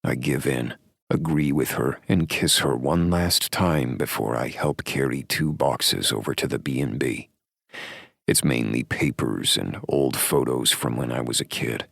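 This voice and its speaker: A man narrating a romance audiobook in the first person, in a measured, wry way. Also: rumbling low, creaky, a bit bright, slightly rough, no room sound, clean studio sound.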